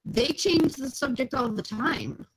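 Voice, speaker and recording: A woman with a high, animated voice presses others with pointed questions in a casual debate. Faint noise sits under her call audio. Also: a little slow.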